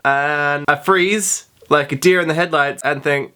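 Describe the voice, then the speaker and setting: A man's voice: on the high side, a little fast, few pauses, sharp tone. A young man telling a funny school story to camera, chatty and self-mocking, with plenty of "like". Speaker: vlogger. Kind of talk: storytime vlog.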